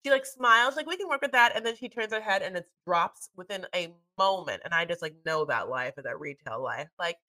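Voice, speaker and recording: Bright-voiced gossipy woman co-host. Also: on the low side, fairly quick, hardly any pauses. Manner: chatty, gossipy, acts out quotes. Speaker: podcast co-host. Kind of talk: casual chat recapping a reality show.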